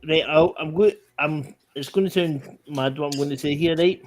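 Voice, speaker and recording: A man's voice: on the high side, moderate pace, background noise. A man with a Scottish accent in a casual livestream chat, rambling and emphatic with lots of restarts.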